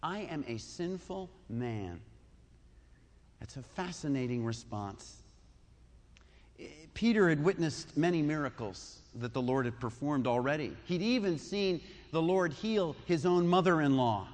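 A man's voice: fairly high pitch, lively intonation, unhurried, big-room sound. A man preaching a sermon, retelling a story conversationally with asides and questions to the listeners. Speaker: pastor.

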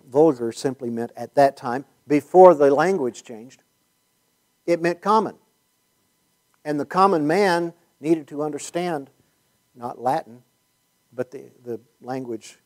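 A man's voice: medium pitch, darkish tone. A man giving a conversational Bible teaching talk, rambling with many fillers and restarts and wry asides. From United States.

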